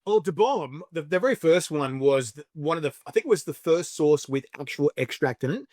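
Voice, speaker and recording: Australian man, chatty storyteller, slightly high voice, dry close sound. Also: expressive, fairly quick, a little mellow, no echo. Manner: chatty, storytelling, lots of fillers and acted quotes. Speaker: podcast guest, spicy food show creator. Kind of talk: casual interview chat.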